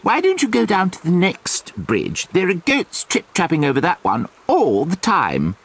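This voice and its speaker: A man's voice: high-pitched, wildly swooping pitch, unhurried, a bit bright, husky, pitched above the performer's own voice, heavily acted. A man voicing a small, timid mouse in a storybook reading, speaking politely and pleadingly. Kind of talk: storybook character voice.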